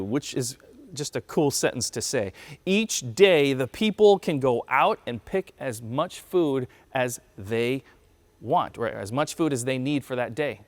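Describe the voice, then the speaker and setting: A man's voice: mid-range voice, expressive, normal speed, dry recording. A man in his thirties preaching a conversational sermon, telling stories and acting out quotes. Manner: conversational storytelling, acts out quotes. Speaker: pastor. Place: church.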